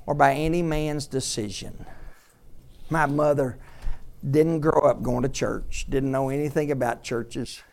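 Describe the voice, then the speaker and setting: A man preaching a sermon as pastor, repeating lines for emphasis and swinging from loud shouted peaks to soft storytelling. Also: mid-range voice, steady tone, a little slow, creaky.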